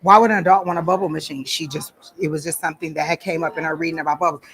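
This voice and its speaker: A woman's voice: low voice, steady tone, very fast. A woman teaching a workshop at a psychic fair, talking casually and bluntly and acting out the voices she quotes. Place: event room at a psychic fair.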